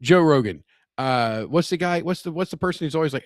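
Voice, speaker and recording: A man co-hosting a podcast, his voice sitting a touch higher than most men's. He teases and laughs a lot, rambling through stories with many restarts. The sound is dry and close, with no room echo. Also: lively intonation, a little fast. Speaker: podcast co-host. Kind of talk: casual chat.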